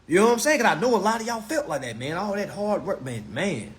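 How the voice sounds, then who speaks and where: A man's voice: high voice, sing-song, quick pace, hardly any pauses, noisy background. A man giving a casual live-streamed teaching, emphatic and repetitive, with rhetorical questions and blunt profanity.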